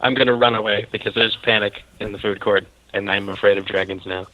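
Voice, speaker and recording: A man's voice: lowish voice, steady tone, a little fast, muffled recording, slight background noise. A man in a casual tabletop role-playing game, describing his character's actions in a joking way. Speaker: player.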